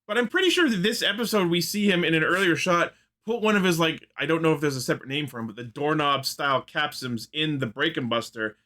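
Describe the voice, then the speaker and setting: A man's voice: on the high side, animated, quick pace, few pauses, sharp tone. A man co-hosting a casual fan podcast, recapping episode plot in detail with enthusiasm and casual swearing. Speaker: podcast co-host.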